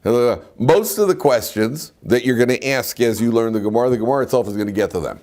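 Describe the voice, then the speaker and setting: A man's voice: medium pitch, lively intonation, quick pace, darkish tone. An older man, a rabbi, giving an informal class in a classroom, talking conversationally with restarts and side remarks. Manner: conversational and digressive, with frequent restarts and asides. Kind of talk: informal Torah lecture. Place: classroom with students.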